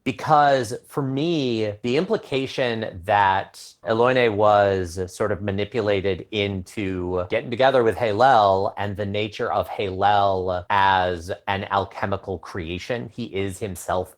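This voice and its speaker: A man's voice: on the low side, unhurried, few pauses. A man co-hosting a casual podcast review, talking in a thoughtful, analytical way. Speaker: podcast co-host.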